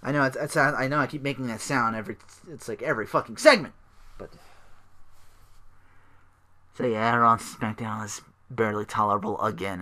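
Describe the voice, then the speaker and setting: Guy doing a solo podcast, bright kinda sharp voice, sarcastic and sweary, rambles a lot, sighs. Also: mid-range voice. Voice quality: sarcastic, profane, mocking impressions of wrestlers. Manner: rambling with many fillers and restarts, frequent sighs. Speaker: podcast host.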